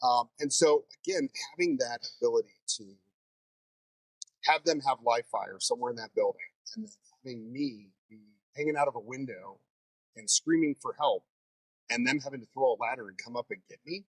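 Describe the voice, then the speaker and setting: A man who teaches fire training, telling stories in a casual interview in a lively way. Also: medium pitch, fairly quick, no echo, poor audio. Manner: animated storyteller.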